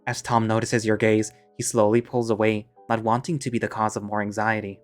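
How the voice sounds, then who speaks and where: A man narrating a visual novel in the second person, steady and measured. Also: fairly low pitch, soft background music.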